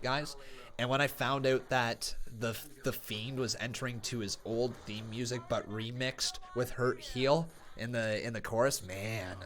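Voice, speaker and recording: A man hosting a casual live reaction stream. He chats with viewers and bursts into excited play-by-play shouts, and a sore tongue slightly alters his speech. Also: mid-range voice.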